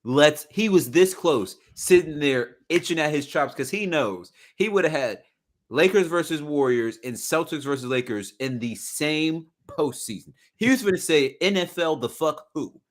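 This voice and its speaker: A man co-hosting a casual podcast chat, animated, slangy and profane, restarting phrases often. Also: on the high side, normal speed. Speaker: podcast co-host.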